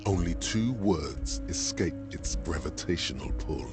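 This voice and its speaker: A man doing a deep, slow inner voice. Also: expressive, music in the background. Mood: scolding. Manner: solemn, blunt, scolding. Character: grave inner voice of a detective's mind.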